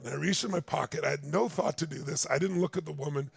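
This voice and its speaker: Gravelly older guy giving a motivational keynote, kinda high voice, gets really emphatic. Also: fast, faint music behind. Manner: emphatic, building to urgent appeals. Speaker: motivational speaker. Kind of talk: storytelling keynote talk.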